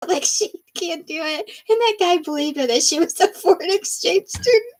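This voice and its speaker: Bubbly high-voiced woman hosting a craft livestream. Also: moderate pace, a little mellow. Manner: bubbly, laughs often. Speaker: live-stream crafting host. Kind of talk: chatty livestream, reading out viewer comments. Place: home craft room.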